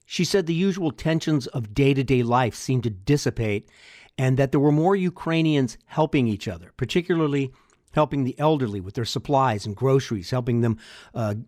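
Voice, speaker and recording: A man's voice: mid-range voice, expressive, moderate pace, darkish tone, dry recording, clean studio sound. Wry, rambling older man. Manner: chatty, wry, rambling asides. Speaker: podcast host. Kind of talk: solo podcast monologue.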